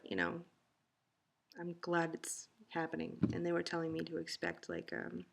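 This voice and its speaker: A woman with a low, gravelly voice chats into the camera at home. She sounds exhausted and rambles sleepily through a casual video diary. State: tired. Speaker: vlogger.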